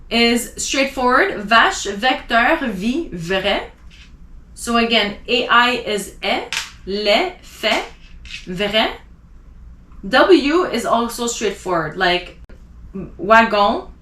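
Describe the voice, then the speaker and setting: A woman teaching a language lesson, slowly drilling pronunciation of example words and explaining each one carefully. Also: on the high side, fairly bright tone, roomy sound. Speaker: French teacher.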